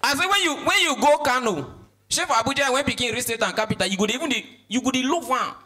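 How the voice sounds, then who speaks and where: A man with a Nigerian accent doing loud, animated stand-up comedy and switching into acted voices as he tells stories. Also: extremely high pitch, fast. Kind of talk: stand-up comedy in Pidgin English.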